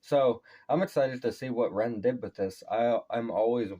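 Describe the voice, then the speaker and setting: A man's voice: mid-range voice, moderate pace, mellow. A man in his thirties hosting a casual reaction video, laid-back and swearing freely, his voice tired from a day of talking at work. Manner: laid-back, swears a lot, laughs often.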